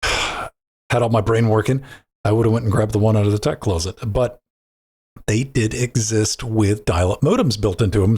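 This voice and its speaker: On a gaming podcast, a male co-host with a low, husky, darkish voice rambles through loose banter. He restarts his sentences and swears without a second thought.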